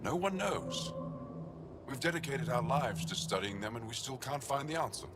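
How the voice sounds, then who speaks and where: An actor playing an earnest male alien researcher, speaking with a New Zealand accent and lively storytelling. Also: mid-range voice, moderate pace, very noisy, lightly acted.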